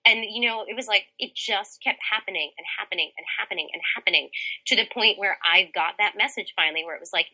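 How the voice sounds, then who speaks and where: A woman in her thirties, a podcast guest telling a personal story in an animated, chatty way and saying "like" often. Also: mid-range voice, fast talker, husky, low-quality recording. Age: 30s. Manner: animated, chatty, heavy use of "like".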